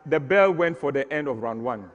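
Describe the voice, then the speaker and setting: Animated older storyteller. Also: male voice, medium pitch, fairly quick, long reverb tail, muffled recording, a loud crowd, very noisy. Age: 60s. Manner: animated, acts out scenes, mock-dramatic. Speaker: stage performer. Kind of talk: comic storytelling on stage.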